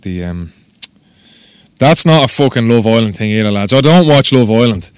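A man with a Dublin Irish accent, a tattoo artist telling stories on a casual podcast, sweary and animated as he acts out what people said. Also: medium pitch, moderate pace, clear, resonant tone, no echo, clean studio sound. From Ireland. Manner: sweary, animated storyteller acting out quotes.

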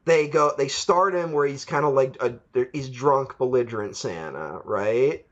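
A man's voice: mid-range voice, unhurried, lo-fi sound. A man chatting casually about a film on a podcast, rambling, laughing and acting out scenes from it. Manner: rambling, chuckling, acts out quotes. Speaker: podcast co-host. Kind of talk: casual film review chat.

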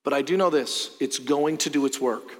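A middle-aged male pastor preaching a sermon, earnest, with loud emphatic peaks and quiet low asides. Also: normal speed. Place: church sanctuary. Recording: long hall reverb.

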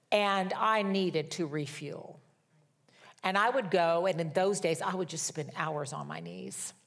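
Woman preaching a sermon, low voice. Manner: reads scripture slowly with emphasis, then tells stories conversationally.

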